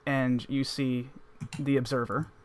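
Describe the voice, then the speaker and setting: A man's voice: mid-range voice, little pitch movement, measured pace. A man running a tabletop game as game master, narrating in a loose, rambling descriptive way.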